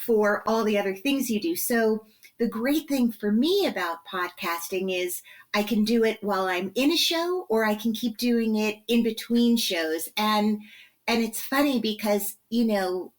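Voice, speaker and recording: A woman guest on a podcast, talking in a playful, quick-witted way. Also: mid-range voice, animated. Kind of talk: casual podcast conversation.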